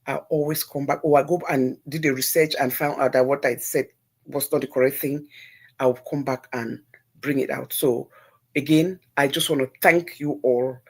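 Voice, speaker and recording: A middle-aged woman with a Nigerian accent hosts a live call-in stream with an earnest, pleading manner. Her voice is husky and a little rough, and she repeats her points and drops into pidgin. She talks to her listeners directly. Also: rumbling low. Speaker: livestream host.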